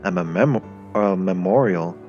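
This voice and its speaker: A man's voice: deep voice, takes it slowly, a little mellow, pitched below the performer's own voice. A man voicing a young male German tank commander, sarcastic, flustered and grumbling. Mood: weary. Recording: lo-fi with faint music.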